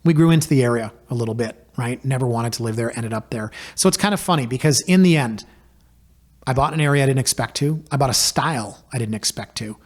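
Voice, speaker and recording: A man tells his own story on a podcast. His delivery is casual, wry and self-deprecating, and he gets lively as the story goes. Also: medium pitch, quick pace. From Canada. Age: 40s. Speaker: podcast host and realtor.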